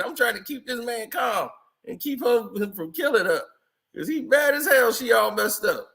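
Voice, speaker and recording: A man with a high, bright voice talks loosely over old photos. He chuckles often and tells stories in easy slang, like casual vlog commentary. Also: lively intonation, normal speed, creaky. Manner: chatty, laughs often, loose slangy storytelling. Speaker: vlogger.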